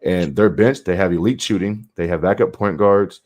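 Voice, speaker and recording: Male co-host, very deep voice, easygoing sports debate. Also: moderate pace, darkish tone, muffled recording. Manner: easygoing, calls others bro. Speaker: podcast co-host. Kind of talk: casual sports chat.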